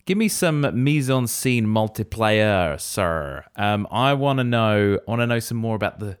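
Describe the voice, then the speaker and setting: Male podcast co-host with a lower voice and dry close sound, eager and speculative. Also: animated, a little slow, smooth, no room sound. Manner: speculative and enthusiastic, thinks out loud. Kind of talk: casual chat.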